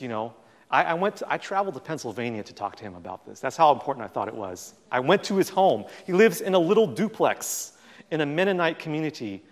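A man at a lectern tells stories with energy, acting out the dialogue and scattering "um"s as he goes. His mid-range voice rings with the long reverb of a large hall. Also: mid-range voice. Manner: animated storytelling, acts out quoted dialogue. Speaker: guest speaker. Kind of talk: public talk with audience Q&A.

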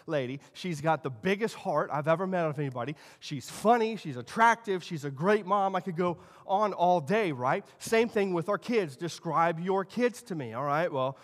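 A man in his thirties preaching a sermon as pastor, telling stories and shifting between quiet asides and loud emphasis. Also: on the high side, expressive, moderate pace, hardly any pauses. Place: church sanctuary. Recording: long church hall reverb.

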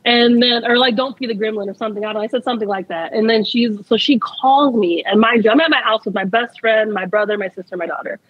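A woman's voice: fairly high pitch, fast talker, few pauses, breathy edge, no echo, dull audio. A young adult woman, a guest in a casual interview, telling a story in a chatty way, laughing often and saying "like" a lot.

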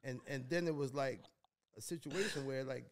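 A man's voice: medium pitch, moderate pace. A man in his fifties from New York, a guest telling stories in a casual interview, rambling and repeating words.

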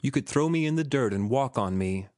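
A man voicing a devoted, defiant young working-class woman who pleads softly and earnestly in an audiobook. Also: mid-range voice, animated, a little slow, no room sound, studio quality, lightly acted.

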